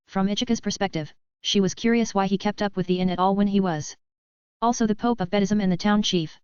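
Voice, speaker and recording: Female light-novel narrator with a steady read; crisp, dry, close recording. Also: mid-range voice, no echo. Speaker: audiobook narrator. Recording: dry, slightly dull lo-fi.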